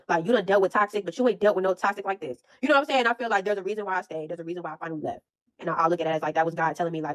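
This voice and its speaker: A young woman telling a story in a blunt, profane, animated way, in casual chat. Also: fairly high pitch, no echo. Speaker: storyteller host.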